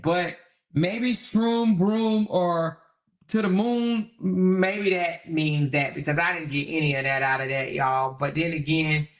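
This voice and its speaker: A woman hosting a casual live stream, talking to her viewers in an animated, incredulous way. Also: deep voice. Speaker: host.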